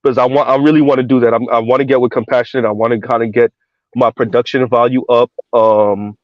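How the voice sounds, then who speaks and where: A man's voice: medium pitch, little pitch movement, quick pace, no room sound. A man hosting an online panel chat, talking casually and restarting his sentences often. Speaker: show host. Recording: dull dry lo-fi audio.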